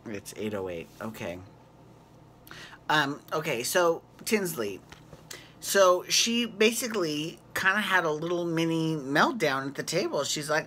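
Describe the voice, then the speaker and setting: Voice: mid-range voice, sing-song, normal speed, bright, forceful tone. A host recapping a reality show in a casual, gossipy vlog, chatting and laughing along. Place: home at night.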